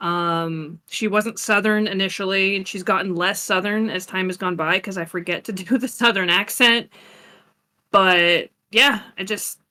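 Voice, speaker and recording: A woman guest in a casual chat, telling animated stories and laughing easily. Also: mid-range voice, measured pace. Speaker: guest roleplayer.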